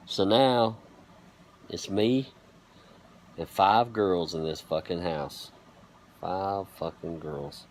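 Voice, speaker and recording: A hoarse man talking casually to the camera, cooing at his dog in baby talk between profane asides. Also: sits low, takes it slowly, pauses often, slight background noise. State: hoarse from coughing.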